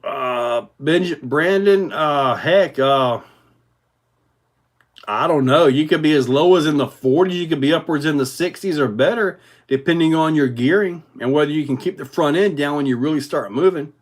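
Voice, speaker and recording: Male livestream host, pitched a bit high, easygoing and rambling, talks through viewer comments. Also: moderate pace. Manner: rambling, relaxed, many fillers. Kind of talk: casual livestream chat reading viewer comments.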